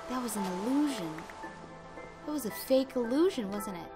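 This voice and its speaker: A woman with a bright, clear voice talks through her game at an unhurried pace, chatting to viewers and exclaiming at what happens on screen. She sounds slightly under the weather, and faint game music plays underneath. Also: a little high. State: slightly sick. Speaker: gaming YouTuber. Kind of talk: casual gameplay commentary.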